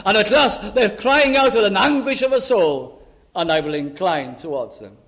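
A man preaching a sermon on a psalm, swinging from urgent raised pleas to hushed low asides and quoting scripture in old-fashioned wording. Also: expressive, normal speed.

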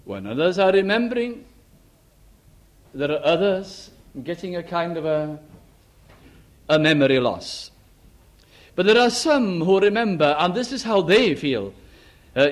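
High-voiced male preacher giving a sermon. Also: sing-song, a little slow. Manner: acts out quoted voices of the congregation, dropping to quiet asides.

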